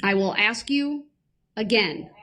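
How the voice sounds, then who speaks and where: A woman judge, mid-pitched, speaks in formal courtroom language. She is firm and measured, and she does not let herself be drawn into a debate. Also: fairly bright tone. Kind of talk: courtroom proceedings.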